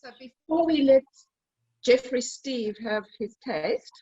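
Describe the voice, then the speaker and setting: A woman's voice: sits high, slow, mellow, slightly rough, no echo. A middle-aged woman hosting a casual cooking demo over a video call, chatty and telling stories as she cooks. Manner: chatty, storytelling. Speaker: cooking demonstrator. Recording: dull lo-fi video call audio.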